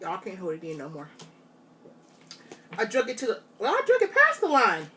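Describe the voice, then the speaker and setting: A woman chatting straight to her viewers in a casual challenge vlog, animated and drawling. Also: mid-range voice, moderate pace, recorded from a distance. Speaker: vlogger. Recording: faint noise, voice off from mic.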